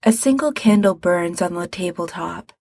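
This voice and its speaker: Woman audiobook reader, measured, husky and gravelly. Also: fairly low pitch, expressive, darkish tone, no echo, studio quality. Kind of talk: storybook narration.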